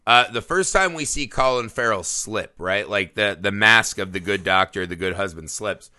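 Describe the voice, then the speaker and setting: A man's voice: on the low side, lively intonation, moderate pace, bright, forceful tone, clear, resonant tone, dry recording, clean studio sound. A man co-hosting a casual film discussion podcast, recapping scenes like a storyteller, swearing freely and acting out characters' lines. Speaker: podcast co-host.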